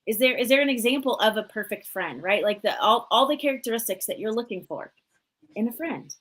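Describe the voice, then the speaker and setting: A woman in her forties hosting a live motivational talk show, energetic and chatty, full of "like" and "you know". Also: a little high, a little fast, poor audio. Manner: energetic, chatty, many fillers. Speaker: host and coach.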